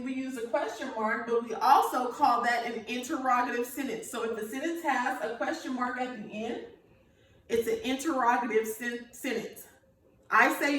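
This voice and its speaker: Woman teacher, higher voice, patient and repetitive, very echoey room, some distance from the mic. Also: moderate pace, a bit bright, slight background noise. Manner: patient, repeats okay after each point. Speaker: elementary school teacher. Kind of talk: recorded remote grammar lesson.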